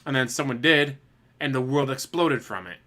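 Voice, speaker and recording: Man, bright mid voice, casual speculative rambling, relaxed chat. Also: medium pitch, normal speed. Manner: speculative, musing, chuckling asides.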